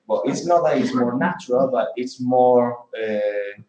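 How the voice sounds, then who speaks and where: Man, English teacher, unhurried, roomy classroom echo. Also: mid-range voice, warm tone. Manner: models pronunciation by repeating words, questioning students. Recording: echoey classroom.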